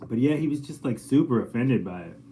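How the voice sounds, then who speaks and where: A man's voice: medium pitch, animated, brisk, mellow, slight background noise. Laid-back man rambling over breakfast. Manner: laid-back and rambling, full of filler words. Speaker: painter and muralist. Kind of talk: casual vlog storytelling.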